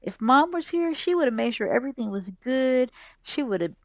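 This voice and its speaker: A woman's voice: high voice, lively intonation, a little fast, dry recording, studio quality, pitched above the performer's own voice. A woman voicing a young boy who misses his mother and lashes out, in a whiny, defensive way. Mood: sad.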